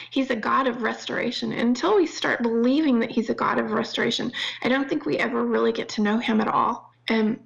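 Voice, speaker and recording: A middle-aged woman talking earnestly about faith in a halting way, often restarting her sentences. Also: on the high side, gravelly, muffled recording. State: near tears at times. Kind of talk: faith-based conversation.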